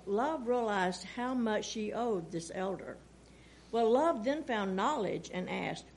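A woman reading a fable aloud at home, gently, with soft voices for the characters. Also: medium pitch, gravelly, a little hiss or hum. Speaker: storyteller.

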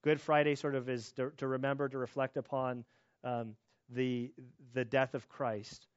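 A man's voice: mid-range voice, little pitch movement, normal speed, dry recording, dull audio. Conversational male pastor preaching. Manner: conversational, with many restarts and asides. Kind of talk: sermon.

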